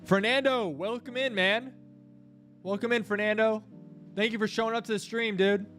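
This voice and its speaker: A young man hosts a live crypto trading stream from a home setup, talking casually into a desk microphone. His voice sits a bit high for a man, and he chats with his viewers and pleads with the chart as it moves. Soft music runs quietly underneath. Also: fairly even intonation, normal speed. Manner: chatty, thanks viewers, coaxes the chart aloud.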